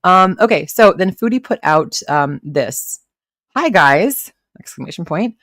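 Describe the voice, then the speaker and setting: A woman with a low voice chats casually on her live stream, rambling between posts and greeting viewers by name. Her voice is recorded close and dry, with no room sound around it. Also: expressive, measured pace, fairly bright tone, no room sound. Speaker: livestream host reacting to commentary.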